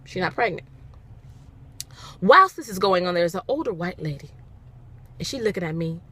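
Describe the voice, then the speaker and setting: A woman's voice: lowish voice, very animated, normal speed, sharp tone, husky, dry recording. A young woman vlogging casually to a handheld phone camera, telling a story with dramatic, emphatic repetition.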